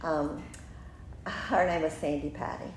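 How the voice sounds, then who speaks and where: A podcast host, a woman in her fifties, tells a personal story with lots of energy, laughing often and acting out what people said. Her voice sits low and she speaks slowly. The room sounds roomy, with faint background noise.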